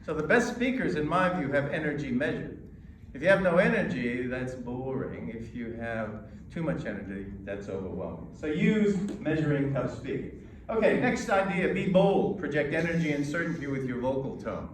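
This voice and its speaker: An American man coaching an audience on presenting, emphatic and measured, pausing between points. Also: mid-range voice, lively intonation, recorded from a distance, slight background noise. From United States. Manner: emphatic, with pauses and demonstrations. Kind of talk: lecture to a live audience. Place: lecture hall. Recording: echoey hall recorded from afar.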